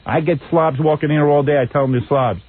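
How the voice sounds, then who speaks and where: A brash male radio host with a husky, rough voice that rattles through questions at speed. His pitch leaps around as he mocks and lectures, and the sound comes over a tinny radio broadcast. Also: dry recording. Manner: blunt, mocking, rapid-fire questions. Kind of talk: brash talk radio banter.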